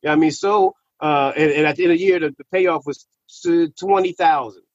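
A man telling a personal story in casual, profane slang, animated and repeating words when he gets worked up. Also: a little high, fairly quick, no echo. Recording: slightly muffled recording.

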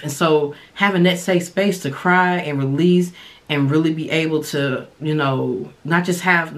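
A woman hosting a podcast, giving casual, candid dating advice and sharing her own experience in a relaxed, colloquial way. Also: sits low. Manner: relaxed colloquial delivery with frequent fillers. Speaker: podcast host and dating coach.

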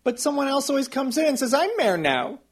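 A man playing a timid, slow-talking male deputy mayor in an improvised comedy, meek and eager to please. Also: very high-pitched, very animated, heavily acted. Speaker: improv guest.

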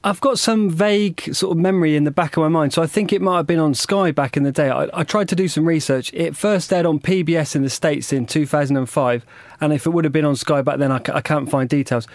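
A man's voice: fairly high pitch, quick pace, no echo, studio quality. A man co-hosting a radio show, easygoing and informative, a little rambling. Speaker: radio co-host. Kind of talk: casual chat.

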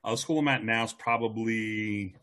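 Speaking at a moderate pace in a lowish voice, this man is a teacher sharing a story from his years in the classroom during a casual chat. He tells it with real animation, acting out the voices of everyone he quotes.

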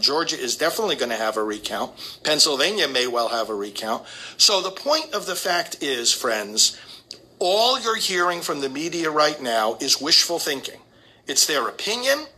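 A man's voice: a little high, bright, forceful tone, breathy edge, poor audio. A man, a priest, giving an emphatic, preachy commentary and calling his listeners friends. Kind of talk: commentary monologue.

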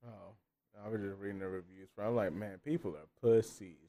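A man co-hosting a podcast, chatting casually about movies in an animated way, laughing and chiming in. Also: on the low side, a crowd in the background. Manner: animated, quick to laugh and chime in. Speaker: podcast co-host.

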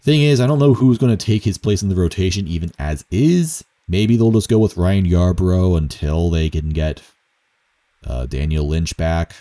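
A young man with a deep voice talks through baseball over a solo commentary. His tone is mellow and relaxed. He rambles loosely, fills gaps with ums, and pokes fun at himself. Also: moderate pace. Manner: rambling and self-mocking, with fillers and chuckles.

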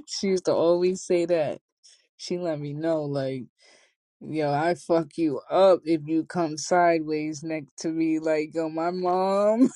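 A woman's voice: low voice, steady tone, takes it slowly, mellow, dry recording. A young adult woman vlogging, telling casual stories in a chatty, slangy way and laughing often. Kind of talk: casual storytelling to camera.

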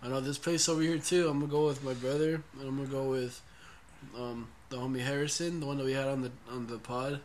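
A man's voice: medium pitch, steady tone, fast talker, a little mellow. Man, casual podcast banter, swearing, restarts, faint noise. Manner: laid-back, swears, trails off and restarts. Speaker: podcast co-host. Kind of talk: casual chat.

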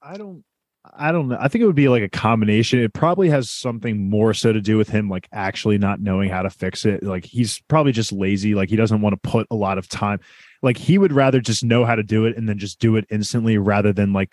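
Low-voiced man in a casual recap chat. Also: darkish tone, dry recording, studio quality. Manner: rambling, filler-heavy explaining. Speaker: podcast co-host.

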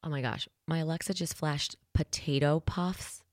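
A woman in her thirties hosting a morning show from her studio, chatty, self-deprecating and excitable. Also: deep voice, normal speed, no echo. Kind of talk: casual chat.

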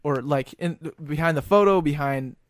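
A man hosting a podcast, asking rambling, halting questions full of restarts. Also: on the high side, dry recording, studio quality. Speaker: podcast host. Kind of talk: casual chat.

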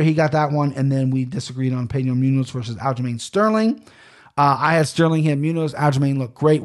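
A man's voice: a little high, a little mellow. A man hosting a podcast, rambling in casual solo talk with many fillers and restarts. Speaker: podcast host.

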